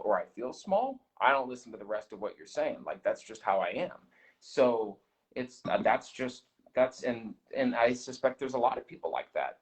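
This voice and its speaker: Earnest man giving candid feedback. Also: mid-range voice. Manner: earnest, reflective, full of restarts. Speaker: guest, host's twin brother. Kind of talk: casual radio chat.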